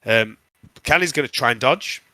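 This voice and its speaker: A man running a tabletop game as game master, narrating with frequent um pauses. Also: medium pitch, lively intonation, bright, forceful tone, dry recording.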